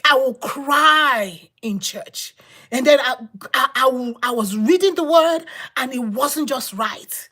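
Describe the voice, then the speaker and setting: A woman giving a personal testimony as a sermon, telling her story with repetition and dramatic pauses. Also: sits high, bright, forceful tone. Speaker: preacher.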